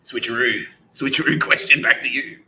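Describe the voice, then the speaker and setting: A man's voice: medium pitch, moderate pace, gravelly, background noise. A man hosting a podcast, rambling and laughing often, swearing and acting out quoted voices. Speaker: podcast host. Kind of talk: rambling monologue.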